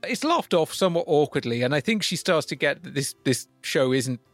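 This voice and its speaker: A man's voice: a little high, lively intonation, brisk, a bit bright, no room sound, faint music behind. A man co-hosting a podcast, recapping an old TV show in a wry, chatty way. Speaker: podcast co-host.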